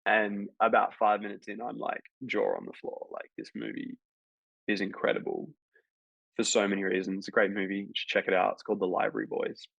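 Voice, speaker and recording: An actor guest on a podcast tells a long, rambling anecdote full of fillers in a casual interview. His gravelly low voice is expressive and a bit bright, moving a little fast. The recording is dull, dry, and lo-fi.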